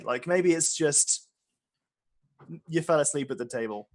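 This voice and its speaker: A man's voice: fairly high pitch, very animated, normal speed. A man narrating as game master, rambling with many fillers and restarts. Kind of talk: narrating a tabletop game session.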